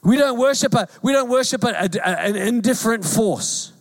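A man's voice: extremely high pitch, animated, normal speed. A New man in his forties, a pastor giving a sermon in a conversational, joking way with emphatic repetition.

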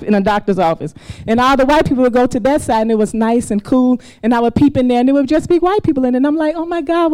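Animated woman telling a story on stage. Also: fairly high pitch, clear, resonant tone, low-quality recording. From US South, Mississippi. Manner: animated, laughs often, acts out quoted voices. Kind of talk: live personal storytelling to an audience. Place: stage before a live audience.

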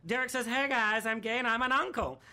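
A podcast co-host who reads listener letters and fires off sarcastic, mock-outraged jokes. The voice is bright and sharp, with a middle pitch. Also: a little fast, smooth. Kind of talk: casual chat.

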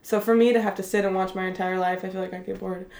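A young woman chats casually as host, giggly and full of filler words. Her voice sits at an ordinary pitch for a woman. The room adds a clear, roomy echo. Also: steady tone, quick pace, darkish tone. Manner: giggly, filler-heavy chatter. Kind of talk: casual chat.

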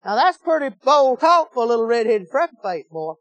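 A preacher delivering a sermon in a high, excitable voice, folksy and animated as he tells his story. The sound is dry and close-miked, with no room echo. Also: brisk, lo-fi sound, soft background music. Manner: folksy, animated storytelling, swings from shouting to low tones.

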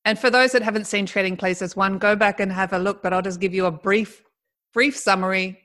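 A woman's voice: medium pitch, a little fast. Laughing middle-aged woman telling a story. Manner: animated, laughs while telling. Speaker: guest. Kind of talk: storytelling in casual conversation.

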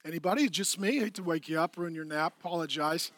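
A middle-aged man preaching a lively, playful sermon in a church, swinging from hushed tones to shouting. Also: on the high side, quick pace, dry recording, studio quality. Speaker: pastor. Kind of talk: energetic comedic sermon.

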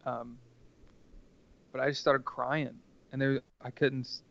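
A man's voice: mid-range voice, level tone, slow pace, creaky, fairly bright tone, muffled recording. A man telling a personal story casually as a podcast guest, rambling and earnest, with lots of filler words.

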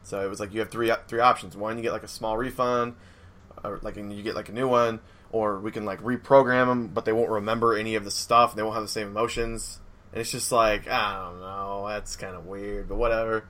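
A man's voice: fairly low pitch, little pitch movement, brisk, fairly bright tone. Rambling young man chatting casually. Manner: rambling, lots of fillers and acted-out quotes. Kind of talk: casual chat.

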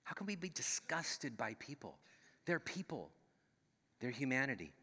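Pastor preaching in a reverberant church hall. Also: male voice, medium pitch, big pitch swings, moderate pace, pushed and bright, slightly rough. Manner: conversational preaching with frequent "right?" asides. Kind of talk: sermon. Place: church sanctuary.

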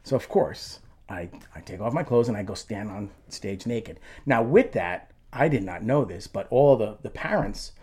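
A man's voice: on the low side, lively intonation, normal speed, a little mellow, husky. A middle-aged man, a former band singer, tells a story in conversation with lots of restarts, jumping into raised voices to act out quotes.

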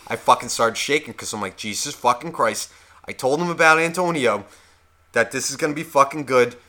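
A man co-hosting a podcast, telling stories in an animated way and swearing constantly. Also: mid-range voice, a little fast. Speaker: podcast co-host. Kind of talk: casual chat.

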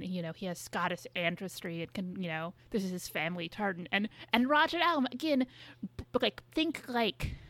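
A woman's voice: mid-range voice, dry recording. A woman co-hosting a podcast, telling stories in a rambling, exasperated casual way. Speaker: podcast co-host. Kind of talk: casual chat.

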